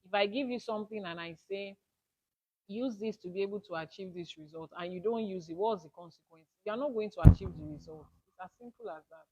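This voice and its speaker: A woman's voice: medium pitch, quick pace, mellow, a little hiss or hum. Emphatic woman teaching a spiritual class. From Nigeria. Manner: emphatic, repeats key points, asks rhetorical questions. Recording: dull lo-fi audio.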